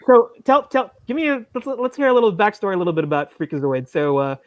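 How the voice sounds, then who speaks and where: A man's voice: high voice, sing-song, fast, no echo. A man in a casual podcast chat who laughs a lot and keeps asking questions.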